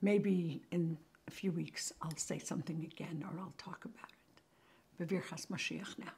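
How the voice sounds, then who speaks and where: Older woman with a gravelly voice. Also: lowish voice, moderate pace. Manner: animated, drops to hushed near-whispers for emphasis. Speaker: host. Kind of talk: storytelling talk to viewers. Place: home kitchen.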